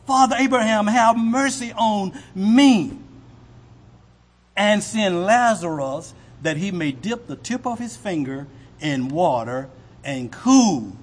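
A man voicing a rich man in torment, begging for mercy, with a husky voice, in a sermon. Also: high voice, exaggerated voice. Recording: long hall reverb.

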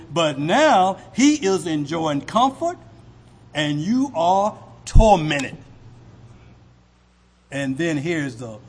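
A man preaching a sermon with a husky voice, asking the congregation rhetorical questions. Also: high-pitched, big pitch swings, slow pace, pauses often. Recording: long hall reverb.

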